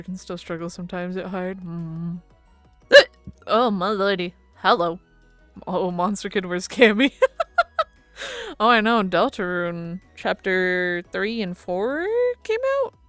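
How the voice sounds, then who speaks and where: A woman's voice: fairly low pitch, a bit bright, no echo. A woman streamer chatting casually with her viewers, rambling and laughing often into a close mic.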